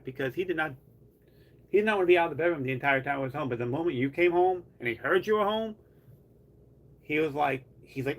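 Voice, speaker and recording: A man's voice: a little high, animated, quick pace, gravelly, pauses often, a bit bright. A man live streaming from home, chatting casually in a rambling way full of "like". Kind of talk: casual chat.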